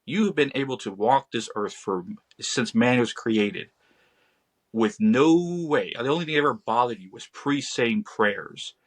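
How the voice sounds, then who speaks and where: A man's voice: fairly low pitch, a bit bright. A man guest on a podcast telling an encounter story in casual conversation, speaking in a vivid second person and acting out scared voices.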